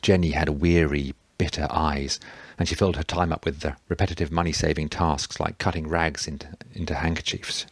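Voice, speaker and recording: Deep-voiced male audiobook narrator. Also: steady tone, quick pace, no room sound. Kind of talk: scripted narration.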